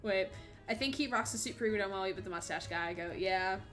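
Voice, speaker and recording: A young woman hosting a live game stream, excitable and giggly, chatting casually and swearing now and then. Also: medium pitch, brisk, soft background music. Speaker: streamer host. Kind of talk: casual live-stream chat while playing.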